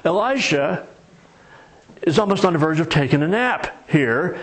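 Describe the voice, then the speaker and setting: Husky man preaching conversationally. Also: fairly high pitch, expressive, unhurried. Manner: conversational storytelling with folksy humor. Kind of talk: sermon.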